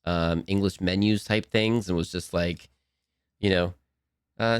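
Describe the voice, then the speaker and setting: A man's voice: low voice, fairly even intonation, unhurried, long pauses, clear, resonant tone, no echo, studio quality. A man hosting a cartoon watch-along stream from home at his computer, rambling and giggling as he answers chat. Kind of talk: casual live-stream chat.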